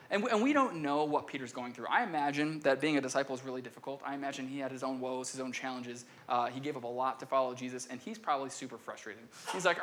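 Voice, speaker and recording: Quick and with hardly any pauses, this young pastor's mid-range, slightly bright voice comes through with a little hiss or hum. His relaxed sermon has him acting out the quoted voices and restarting sentences often.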